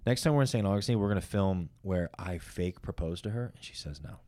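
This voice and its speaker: A man's voice: deep voice, a little fast, warm tone, no echo. A young man on a podcast, rambling through crude stories in casual chat. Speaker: podcast co-host.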